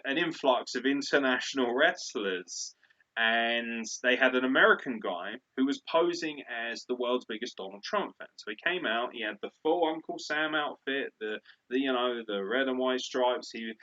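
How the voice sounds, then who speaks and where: A man's voice: mid-range voice, sharp tone. A man co-hosting a podcast in casual, rambling chat, swearing freely and laughing a lot. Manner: profane, laughs often, rambling. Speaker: podcast co-host. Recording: lo-fi dull audio.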